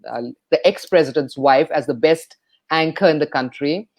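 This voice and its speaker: A woman from India, a speech coach and radio jockey giving an interview, talking expressively and playing up pitch and pauses. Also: a little mellow. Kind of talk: enthusiastic interview talk.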